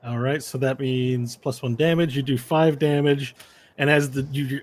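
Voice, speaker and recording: A man's voice: mid-range voice, steady tone, normal speed, no room sound. A man running a tabletop game as game master, checking rules and narrating the action in a playful way.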